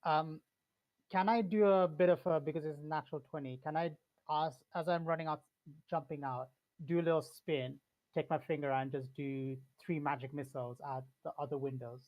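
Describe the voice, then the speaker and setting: A man's voice: a little high, steady tone, moderate pace, highs cut off. A man playing in a tabletop game, asking eager, playful questions. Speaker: player.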